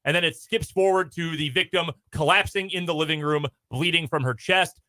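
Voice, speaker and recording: A man's voice: on the high side, pushed and bright. A male sports radio host reading out a news story in a radio studio, with wry asides.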